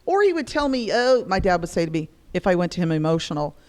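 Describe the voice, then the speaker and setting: A middle-aged woman telling stories in a casual conversation, lively and acting out the voices she quotes. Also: lowish voice, fast talker. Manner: animated, acts out quoted voices. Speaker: guest discussing spirituality.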